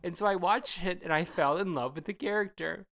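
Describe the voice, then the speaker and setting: A podcast co-host chatting casually and telling stories in an animated way, laughing often. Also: mid-range voice, brisk. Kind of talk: casual chat.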